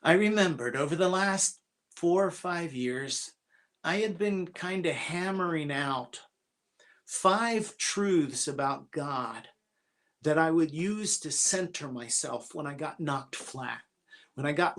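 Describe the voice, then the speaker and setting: A man's voice: fairly high pitch, a bit bright. A man with a slightly raised voice tells a personal story at a church gathering. He speaks earnestly and confessionally, stumbling and repeating his first words as he goes. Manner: halting, often repeats opening words.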